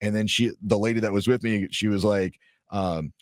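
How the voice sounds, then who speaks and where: A man's voice: lowish voice, fairly even intonation, moderate pace, no echo, clean studio sound. A man co-hosting a podcast, telling a story casually and animatedly, swearing freely and acting out what people said. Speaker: podcast co-host.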